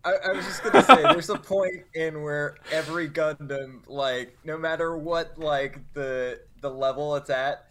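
A man's voice: fairly high pitch, measured pace, few pauses, fairly bright tone, slight background noise. A man co-hosting a podcast, chiming in with a casual, slightly profane aside. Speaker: podcast co-host. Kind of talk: casual chat.

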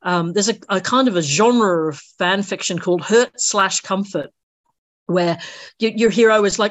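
A woman author talks in a casual interview, lively and acting out little reactions. Her voice is mid-pitched, and the recording is dry. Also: normal speed, dry recording. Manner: animated, acts out reactions in quoted voices. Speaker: author guest.

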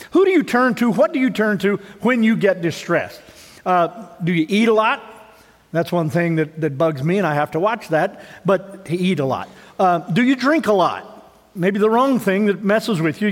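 A man preaching a sermon as pastor, talking in a casual, conversational way, asking the congregation many questions and often repeating words. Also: high voice. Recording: long reverb of a church hall.

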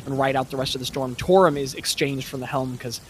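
A man's voice: medium pitch, steady tone, brisk, slight background noise. A man narrating a tabletop role-playing game as game master, in a loose, chatty way full of fillers.

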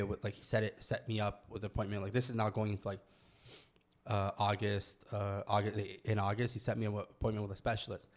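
A man's voice: fairly low pitch, little pitch movement, fairly quick. A young man from Canada telling a personal story in casual podcast chat, loose and full of slang and swearing. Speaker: guest telling his story.

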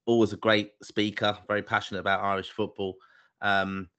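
A London-born man co-hosting a football chat, speaking in a measured, hesitant way with fillers. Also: fairly low pitch, level tone, bright, forceful tone, smooth. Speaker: podcast co-host.

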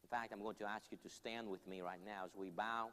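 Low-voiced pastor in a reverberant hall. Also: male voice, fairly even intonation, fairly quick. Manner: earnest, pleading, leads a prayer line by line. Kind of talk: altar call sermon. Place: church hall. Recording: long hall reverb, soft music behind.

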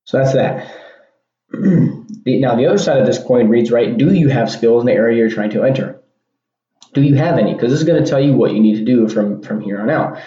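A man hosts a casual solo podcast, rambling and often repeating or restarting his words. His medium-pitched voice is mellow and a little fast, and the sound is dull and lo-fi in an echoey room.

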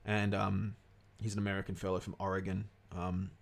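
Fast-talking young man, casual podcast chat. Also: sits low, little pitch movement, gravelly. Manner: rambling, swears freely. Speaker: podcast co-host.

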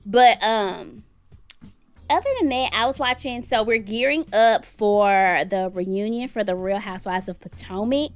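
A woman's voice: medium pitch, measured pace, dry recording. A woman co-hosting a casual talk show, giving outspoken, opinionated commentary with blunt language. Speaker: podcast co-host.

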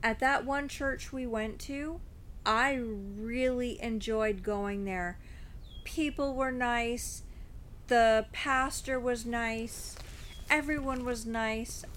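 A woman talks with slow care, her voice set a little high. She is gentle and hesitant, weighing each thought. A faint hiss sits behind her. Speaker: co-host of a Bible study. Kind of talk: casual chat.

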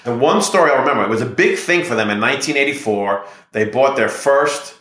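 A man's voice: mid-range voice, expressive, a little fast, a bit bright, reverberant. A middle-aged man, a real estate investor and podcast guest, talking in a confident, persuasive way. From United States. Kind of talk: podcast interview storytelling.

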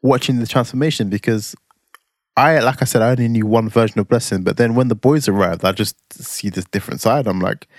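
A man's voice: mid-range voice, fairly quick, dry recording. A man, co-hosting a casual podcast with joking, dry, teasing humour. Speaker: podcast co-host. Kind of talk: casual chat.

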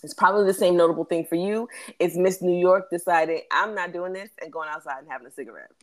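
A woman's voice: on the low side, fast talker, darkish tone. A woman co-hosting a casual podcast recap who talks animatedly, acts out quoted lines and laughs often. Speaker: podcast co-host.

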